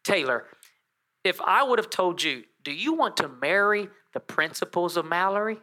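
Male pastor, sermon delivery, bright forceful voice, animated storyteller with playful asides. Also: sits high, normal speed.

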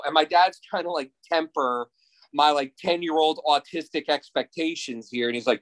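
A man in his thirties from New Jersey, a podcast guest telling stories in a casual, excitable and profane way. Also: fairly high pitch, fairly quick, low-quality recording. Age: 30s. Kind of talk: casual chat.

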